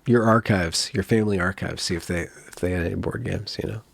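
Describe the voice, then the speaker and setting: A man hosting a casual video-call chat, teasing his guest and rambling, often trailing off quietly. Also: deep voice, fast talker, creaky, breathy edge, dry recording. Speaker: host.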